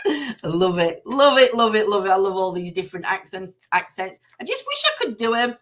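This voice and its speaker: A woman's voice: medium pitch, sing-song, a little slow, long pauses, heavy background noise. A middle-aged woman with a Northern English accent hosting a casual live stream. She rambles through lots of fillers, reads oracle cards and greets her viewers by name.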